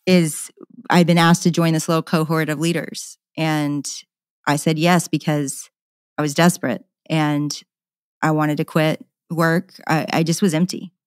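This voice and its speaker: A woman's voice: deep voice, little pitch movement, measured pace, no echo, clean studio sound. A middle-aged woman, a podcast guest, candidly telling a personal story in an earnest, passionate way and often repeating words.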